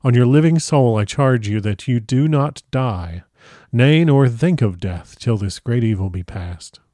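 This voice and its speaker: A man voicing a fatherly old doctor who pleads slowly and solemnly in old-fashioned speech. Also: mid-range voice, lively intonation, dark tone, no room sound, clean studio sound, lightly acted. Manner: slow, solemn, archaic and imploring.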